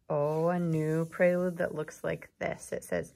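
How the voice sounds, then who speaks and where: A woman's voice: deep voice, flat delivery, unhurried, creaky, few pauses, a little mellow. A woman teacher leading an early reading lesson, patient and sounding out words step by step.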